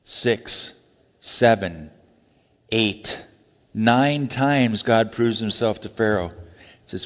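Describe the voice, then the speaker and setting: A man preaching a sermon, animated, acting out quick voices and laughing asides. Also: on the low side. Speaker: pastor. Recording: long hall reverb.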